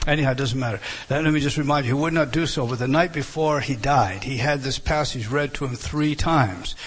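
A man's voice: medium pitch, fast talker, breathy edge. A man preaching an expository sermon, emphatic and prone to repeating words and restarting phrases.

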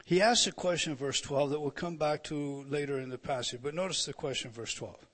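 A man's voice: on the high side, brisk, a bit bright. Emphatic male preacher teaching scripture. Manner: emphatic, rising and falling with frequent restarts. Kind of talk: expository sermon.

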